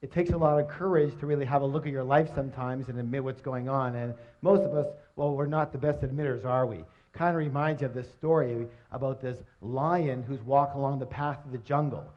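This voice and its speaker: A middle-aged man giving a live motivational seminar, energetic and jokey, constantly quizzing his audience on a dull lo-fi recording. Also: mid-range voice, a little fast, few pauses.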